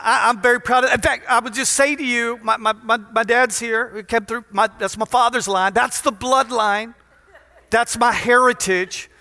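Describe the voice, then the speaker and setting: A man's voice: extremely high pitch, bright, forceful tone. A middle-aged man from Louisiana preaching a sermon as pastor, joking and teasing the congregation between emphatic points. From Louisiana, USA. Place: large church in front of a congregation. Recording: reverberant church hall.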